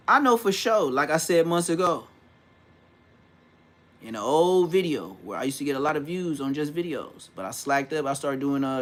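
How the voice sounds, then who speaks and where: Middle-aged man from California, a touch high-voiced, vlogging in animated street slang. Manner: animated slangy storytelling, mimics old homies' voices. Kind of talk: casual storytelling rant.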